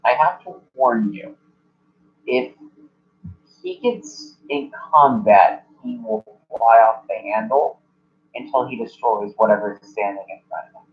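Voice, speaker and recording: A man playing a composed woman in charge at a temple who speaks calmly and gives instructions. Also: mid-range voice, measured pace, muffled recording. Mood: instructive.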